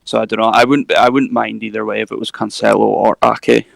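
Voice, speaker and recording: A man's voice: lowish voice, flat delivery, a little fast, vocal fry, no echo, poor audio. A man calling in to a fan phone-in show, talking hesitantly and thinking aloud with plenty of restarts. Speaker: caller. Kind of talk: casual phone-in chat.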